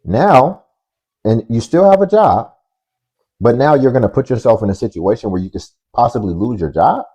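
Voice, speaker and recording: A man's voice: lowish voice, mellow. A man hosting a reaction commentary, lecturing and reasoning step by step in dull, lo-fi audio. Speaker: commentary host.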